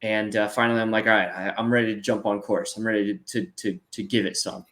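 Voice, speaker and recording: A man in his twenties from the United States, an interview guest telling a story in casual chat, animated and full of fillers. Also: on the low side, fast talker. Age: 20s. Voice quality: animated, acts out voices in his story, many fillers like "dude" and "like". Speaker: interview guest, para snowboarder.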